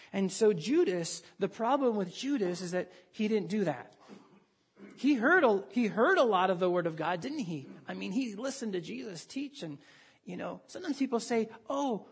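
A man with a fairly high, husky voice preaching a sermon. He talks conversationally and with animation, often restarting mid-sentence as he works through the passage. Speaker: pastor.

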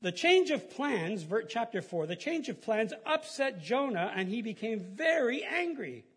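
A middle-aged man giving a casual, folksy sermon as a pastor, chatty and quick to laugh at his own stories. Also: very high voice, big pitch swings, fairly bright tone, slightly rough.

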